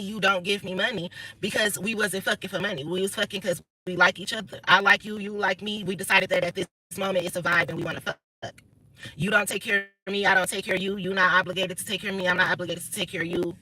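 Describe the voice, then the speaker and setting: A woman's voice: mid-range voice, sharp tone, rough recording. A woman, talking bluntly and profanely through a casual livestream monologue. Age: 30s. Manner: blunt, profane, emphatic storytelling. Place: inside a car.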